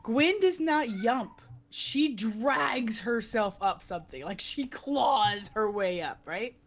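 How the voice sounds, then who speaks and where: A woman's voice: on the high side, takes it slowly, a little hiss or hum. A woman chatting with friends on a voice call while gaming, telling funny stories with lots of laughter. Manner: giggly, animated storyteller. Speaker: streamer playing with friends. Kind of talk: casual storytelling chat.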